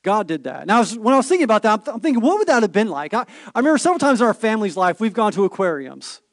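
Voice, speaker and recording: A man's voice: high voice, big pitch swings, racing, no echo, studio quality. A pastor in his thirties preaching a sermon, telling stories with rhetorical questions and playful asides.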